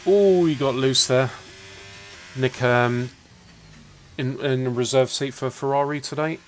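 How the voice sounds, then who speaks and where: A man's voice: medium pitch, measured pace, slight background noise. Chatty English race commentator man. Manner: chatty, cheeky, calls laps as they happen. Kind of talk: casual sim racing commentary.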